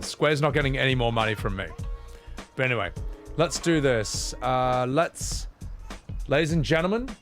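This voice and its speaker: A man streaming a game and chatting casually with his viewers. His delivery is lively and full of swings in pitch as he rants and pokes fun at himself. Faint game music plays under his voice. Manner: animated, joking, self-deprecating rants.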